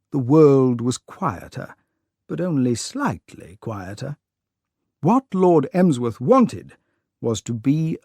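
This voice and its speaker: Audiobook narrator for learners: slow and clear, expressive, dry close recording. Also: medium pitch, dry recording. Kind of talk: scripted narration for English learners.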